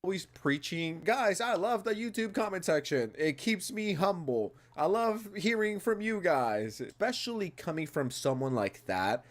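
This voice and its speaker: Animated male YouTuber talking casually. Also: high-pitched, measured pace, few pauses. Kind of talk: casual commentary video.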